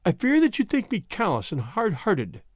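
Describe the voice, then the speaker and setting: A man's voice: high-pitched, wildly swooping pitch, normal speed, slightly rough, no echo, studio quality, pitched above the performer's own voice, full character voice. A man voicing an imploring anxious widow. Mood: wounded. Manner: earnest, imploring. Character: pleading anxious grieving widow, woman, adult. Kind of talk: audiobook character voice.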